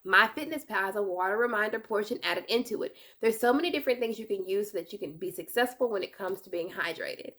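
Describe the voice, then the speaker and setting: A young woman giving casual advice in a chatty, animated vlog, correcting herself with playful asides. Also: medium pitch, quick pace, hardly any pauses. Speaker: vlogger.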